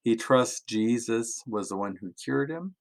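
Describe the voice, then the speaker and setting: A man, a pastor, retelling Bible stories to children in a playful, animated way, often laughing. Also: medium pitch, a little slow. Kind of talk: children's sermon storytelling.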